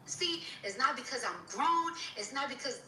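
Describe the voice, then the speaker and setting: A woman's voice: high-pitched, expressive, normal speed, pushed and bright, echoey room, recorded from a distance, slight background noise, low-quality recording. A woman rapper in an angry, profane rant on social media, repeating herself as she scolds someone.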